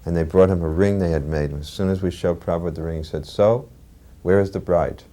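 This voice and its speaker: An older man calmly recalling memories in an interview, telling the story plainly. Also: low-pitched, rapid-fire. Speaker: devotee sharing memories. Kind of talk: reminiscing interview.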